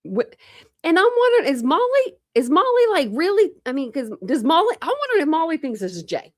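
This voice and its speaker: Rambling woman streamer, fairly high voice, dry close sound, casual chat to viewers. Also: very animated, a little fast, dry recording. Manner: rambling, filler-heavy, talks to chat. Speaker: true crime streamer.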